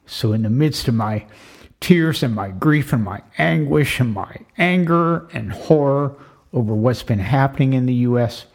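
Older guy ranting and choked up, husky cracking voice. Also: mid-range voice, animated, moderate pace, a little mellow. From United States. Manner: impassioned, ranting, repetitive. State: tearful, voice cracking. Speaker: retired vlogger. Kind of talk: emotional monologue.

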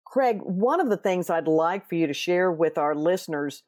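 Woman host asking measured questions. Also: lowish voice, expressive, darkish tone. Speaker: podcast host. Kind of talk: interview questions.

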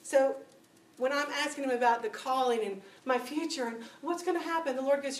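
A woman giving a spoken testimony to a church audience, telling stories with lively acted-out dialogue. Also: high voice, a little fast. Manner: animated storytelling, acting out dialogue. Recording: echoey room, distant mic, faint noise.

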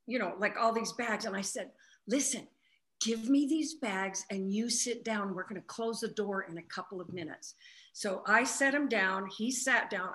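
Bright-voiced woman telling a story. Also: mid-range voice. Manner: animated retelling, acts out quotes. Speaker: flight attendant, guest. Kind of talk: casual spiritual conversation, storytelling.

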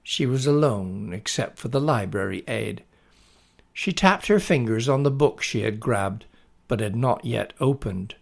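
Give me a man narrating a storybook, husky and slow. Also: medium pitch. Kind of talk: storybook reading.

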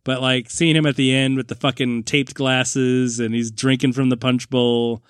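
A man's voice: mid-range voice, level tone, moderate pace, clean tone, dry recording, clean studio sound. A man co-hosting a podcast, chatting casually about movies, rambling, laughing often and acting out lines. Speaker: podcast co-host.

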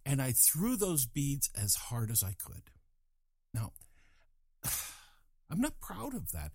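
A man's voice: medium pitch, huge pitch swings, slow pace, pauses often, a little mellow, husky, no echo, studio quality. An older man from Colorado telling a rambling, self-deprecating story and acting out the voices of people in it. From Colorado, USA. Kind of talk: casual spoken anecdote.

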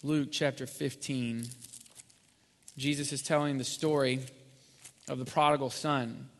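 A man preaching a sermon as pastor, rising to loud peaks and dropping to near whisper. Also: fairly high pitch. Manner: builds from quiet to loud, then drops to near whisper. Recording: long hall reverb.

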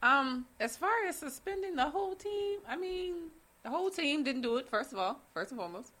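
Bright-voiced woman co-hosting sports talk. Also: sits high, animated, brisk. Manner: amused, chiming in with short replies. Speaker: podcast co-host. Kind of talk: casual sports chat.

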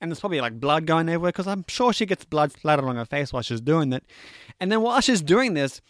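High-voiced man chatting about a film. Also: fast talker, no room sound, studio quality. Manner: animated, chatty, jokey storytelling with fillers. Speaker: movie recapper. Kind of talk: casual movie recap.

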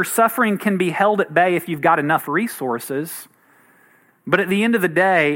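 Man, pastor, sermon, conversational, earnest, bright tone, slightly high voice. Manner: conversational and earnest, with light laughs.

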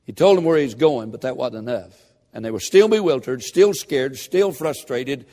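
Fervent preacher in echoing hall. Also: male voice, mid-range voice, expressive, normal speed. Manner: fervent, building to shouted emphasis. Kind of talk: sermon.

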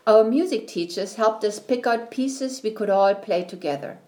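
A woman reading a children's storybook aloud in a gentle, unhurried way. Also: mid-range voice. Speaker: reader.

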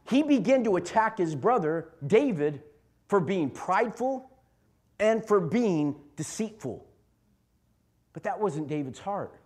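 A man's voice: sits high, sing-song, a little slow, darkish tone. A man preaching a sermon as pastor, impassioned and repeating lines for emphasis.

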